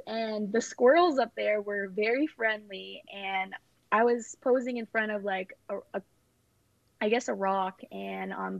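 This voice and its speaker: A woman's voice: medium pitch, vocal fry, no echo. A young woman chatting casually and rambling through her engagement story, with lots of fillers and giggles. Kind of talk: casual chat. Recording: dull lo-fi sound.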